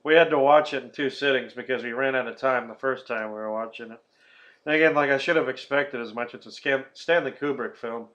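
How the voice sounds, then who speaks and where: A man hosting a podcast in casual chat, swearing often as he retells a film with animated energy. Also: mid-range voice, fairly quick, highs cut off. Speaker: podcast host.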